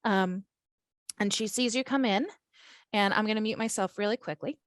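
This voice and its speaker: A woman's voice: mid-range voice, normal speed, no echo. A woman running a tabletop game as game master, narrating in a casual, rambling way with fillers.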